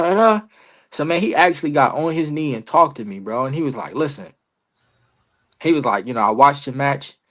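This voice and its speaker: Slangy, animated male wrestler telling stories. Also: medium pitch. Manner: slangy, loose, peppered with "bro" and "you feel me"; animated, acts out both sides of conversations. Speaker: guest wrestler. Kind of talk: casual storytelling interview.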